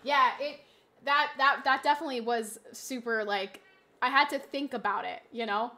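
A woman streaming a game, chatting casually with her audience, reading chat aloud and slipping into animated, mock-indignant rants. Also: sits high, moderate pace. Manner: chatty, reads chat aloud, laughs easily. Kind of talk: casual live-stream chat while gaming.

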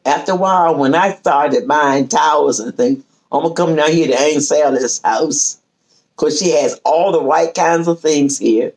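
A woman's voice: low-pitched, moderate pace. A woman telling a family story in casual chat, acting out what each person said. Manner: lively storyteller who acts out quoted speech. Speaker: host.

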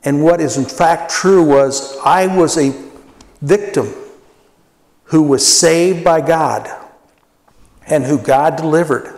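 A man in his sixties preaching a sermon as pastor, earnest and personal, often dropping his voice low for emphasis. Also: takes it slowly, pauses often. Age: 60s. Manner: earnest, personal preaching with dramatic quiet drops. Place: church sanctuary. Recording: echoey church hall with long reverb.

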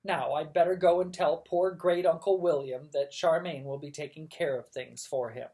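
A woman voicing a rich, bossy elderly great-aunt who issues orders in a loud, haughty way. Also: low-pitched, fairly even intonation, normal speed. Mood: imperious.

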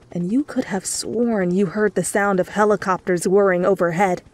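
A woman reading fanfiction aloud as a whispered role-play, telling the story softly over faint music. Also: medium pitch. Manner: soft, slow storytelling. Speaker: fanfiction reader.

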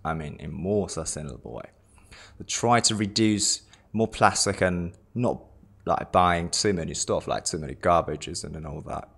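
Low-voiced young Japanese man, casual. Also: moderate pace, vocal fry, fairly bright tone, slightly rough. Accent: British-tinged English. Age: 20s. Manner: loose and chatty, repeats words, jokey asides. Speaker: lifestylist introducing himself. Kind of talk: casual self-introduction talk.

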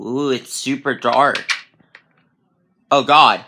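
A man's voice: medium pitch, animated, normal speed, background noise. A man playing a spooky game on his channel, thinking aloud and reacting with frequent startled exclamations. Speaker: gaming channel host. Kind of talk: let's play commentary.

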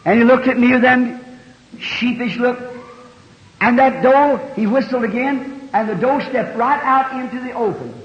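A man's voice: very high voice, moderate pace. A man preaching a sermon, telling a story in a folksy country way with plain homespun grammar. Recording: dull, echoey 1960 hall recording.

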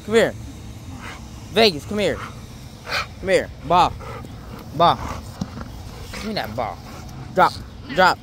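A man chatting casually and calling to dogs outside, relaxed and offhand. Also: a little high, slow, long pauses, background noise. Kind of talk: casual family chat.

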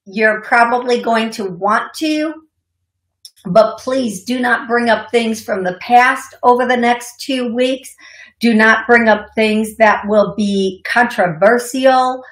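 A woman's voice: a little high, slow, reverberant. A woman psychic medium hosting a call-in radio show, chatty and reassuring, with giggly asides.

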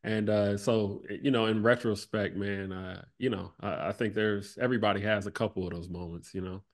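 He's a former basketball player in his thirties, a podcast guest whose fairly low voice moves at a moderate pace through a reflective, conversational interview. Relaxed and full of fillers like "like" and "you know," he lets his voice drop and fade softly while reflecting.

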